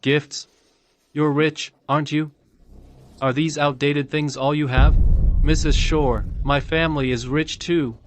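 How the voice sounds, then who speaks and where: An actor playing a defiant young heir who confronts a cruel family in a dubbed drama, sharp and accusing. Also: male voice, a little high, steady tone, measured pace, a little hiss or hum, natural voice.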